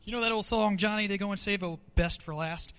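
A man's voice: high voice, brisk, a bit bright, clean tone. A youth pastor, a man, giving a heartfelt farewell tribute at a church gathering, choked up with emotion and laughing nervously.

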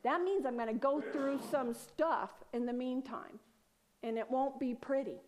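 A woman sharing a personal spiritual testimony. She speaks earnestly and rambles with restarts, often sinking to a soft near-whisper. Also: high-pitched, a little slow.

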